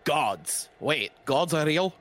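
A man's voice: on the high side, expressive, slow, fairly bright tone. A man playing his character in a casual tabletop role-play, playful and joking. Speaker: player.

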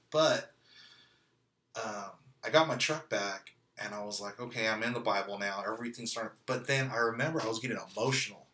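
A Californian man speaks as an interview guest, telling his story in a candid, conversational way full of "like" and "you know." His voice sits on the low side, bright and forceful. It's casual storytelling, a personal testimony.

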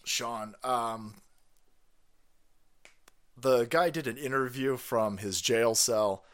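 A man hosting a live stream, ranting crudely and excitably, with sudden loud bursts and fast runs. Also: mid-range voice. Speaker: livestream host. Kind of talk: profane political rant stream.

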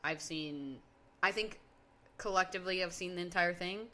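A woman's voice: on the low side, normal speed, sharp tone, slight background noise. Young woman, rambling casual chat. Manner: rambling, filler-heavy, says "like" a lot. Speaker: podcast co-host.

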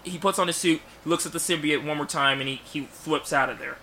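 A man casually pitching a story idea on a podcast, rambling and acting out characters' lines under his breath. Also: a little fast, sharp tone, a little hiss or hum. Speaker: podcast co-host. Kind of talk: casual fan podcast chat.

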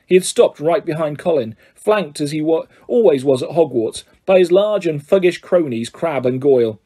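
Mellow, husky man reading a story. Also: a little high, moderate pace, few pauses. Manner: steady reading with small slips and restarts. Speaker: audiobook reader. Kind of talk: storybook narration.

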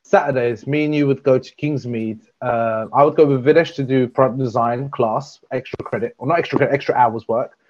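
A man in his twenties, hosting and telling stories in a playful, animated way among old friends. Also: mid-range voice, brisk. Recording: dull lo-fi sound.

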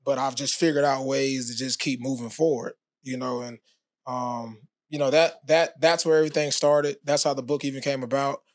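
A man, a former pro athlete, telling his story as a podcast guest in a relaxed, casual way with many fillers. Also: medium pitch, moderate pace, dry recording, studio quality. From United States. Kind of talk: casual interview talk.

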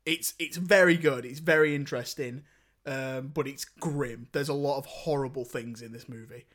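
A man's voice: medium pitch, moderate pace, fairly bright tone. A young man hosting a podcast in casual, rambling chat. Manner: rambling, chatty, laughs while retelling scenes. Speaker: podcast host.

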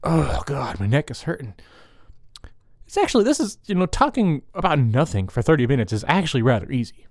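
A man's voice: fairly high pitch, big pitch swings, a little fast, no room sound. A man rambling through a crude, profane solo monologue into a close microphone.

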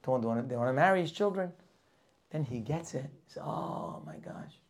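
A man teaching a lively weekly Torah class, full of rhetorical questions and acted-out characters. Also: mid-range voice, fast.

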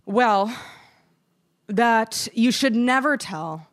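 A woman co-hosting a podcast, chatting casually and telling lively stories, acting out what others said. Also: on the high side, very slow. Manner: animated storytelling, acts out quoted voices. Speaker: podcast co-host. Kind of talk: casual chat.

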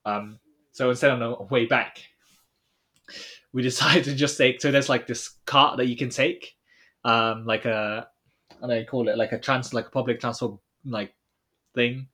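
A young man, co-hosting a podcast and recounting a trip in casual chat, rambling with many fillers and trailing off quietly. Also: mid-range voice, steady tone, moderate pace, pauses often. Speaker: podcast co-host.

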